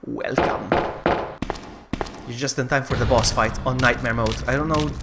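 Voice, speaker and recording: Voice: mid-range voice, fairly even intonation, quick pace, noisy background. A game streamer giving casual, jokey live commentary while playing. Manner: chatty, jokey, cries out in alarm.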